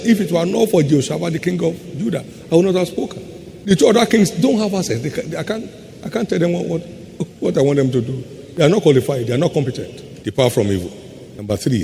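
A man preaching to a congregation, pressing hard on slow, weighty words and then rushing through quick asides. His voice sits mid-range for a man and carries a long reverb, with a faint hum of ambience underneath. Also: medium pitch, darkish tone. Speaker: pastor. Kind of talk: sermon.

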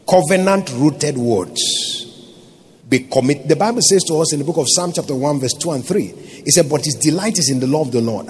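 A man with a Nigerian accent, a pastor preaching a sermon with call-and-response questions and swelling to shouts. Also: medium pitch, a little hiss or hum.

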